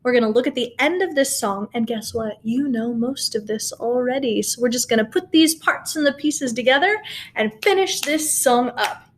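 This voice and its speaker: At home beside her piano, a woman leads a recorded choir lesson, talking and singing along as she patiently and encouragingly guides students through the score. Her voice is fairly high and moves at a normal speed, picked up by a camera mic.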